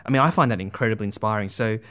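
A man's voice: fairly low pitch, rapid-fire, fairly bright tone. A man giving a conversational religious talk, earnest and full of asides like "you know" and "right?", often restarting his sentences. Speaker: Catholic speaker.

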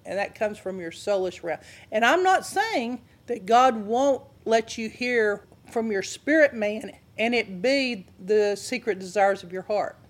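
A woman's voice: mid-range voice, lively intonation, a little slow, few pauses. A woman leads a casual Bible class in a conversational voice. She keeps turning to her listeners with questions as she teaches. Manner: conversational, asks the audience questions.

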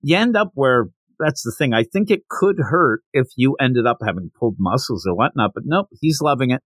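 A male podcast host giving a casual, animated recap of a comic chapter and retelling the characters' dialogue. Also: mid-range voice, normal speed, no echo.

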